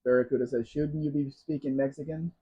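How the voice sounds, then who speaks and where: A man's voice: mid-range voice, fairly even intonation, fairly quick, warm tone, husky. Chatty American man hosting a live Q&A. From United States. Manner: chatty, reads viewer comments aloud. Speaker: live stream host. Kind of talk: casual live Q&A, reading chat. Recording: dull lo-fi sound.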